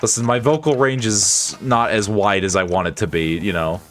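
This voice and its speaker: A man's voice: fairly low pitch, normal speed, a bit bright, faint music behind. A man streaming a game, reading its dialogue aloud and joking with his chat between lines in a playful, chuckling way.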